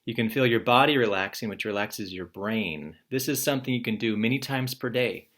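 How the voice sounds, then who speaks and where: A man talks to his students in a recorded morning message. He is calm and encouraging, the way a teacher sounds when he walks a class through the day's work. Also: lowish voice, brisk. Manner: relaxed, encouraging, explains step by step.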